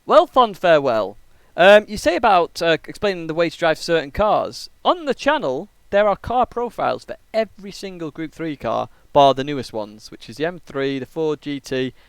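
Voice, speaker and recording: A man's voice: a little high, very animated, normal speed, hardly any pauses, clear, resonant tone, no room sound. A man from England, a casual and jokey game streamer, chatting on a live stream and rambling with many fillers.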